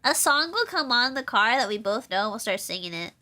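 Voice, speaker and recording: Young woman vtuber just chatting, rambles w/o breathing, laughs a lot, very lively voice. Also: on the high side. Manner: rambling, talks without pausing, laughs often. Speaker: VTuber streamer. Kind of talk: casual live-stream chat.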